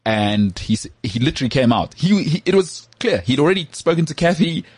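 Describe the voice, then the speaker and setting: A man co-hosting a podcast, talking football in an animated, joking way. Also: a little high, breathy edge, dry recording. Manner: animated, jokey, does quick impressions of others. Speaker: podcast co-host. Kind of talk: casual sports chat.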